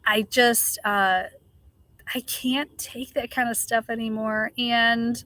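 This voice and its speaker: A woman's voice: fairly high pitch, steady tone, takes it slowly, sharp tone, dry recording. A middle-aged woman streaming live, ranting passionately in casual chat, swearing and greeting viewers.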